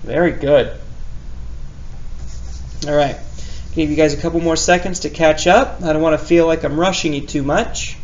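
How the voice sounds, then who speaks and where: A male teacher giving an online spelling lesson, slowly sounding out words and teasing himself in a playful way. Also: on the high side, dull audio, slight background noise.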